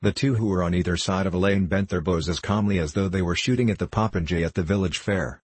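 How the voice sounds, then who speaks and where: Deep husky man reading a story. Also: quick pace, darkish tone, no room sound. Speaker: audiobook narrator. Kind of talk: scripted narration.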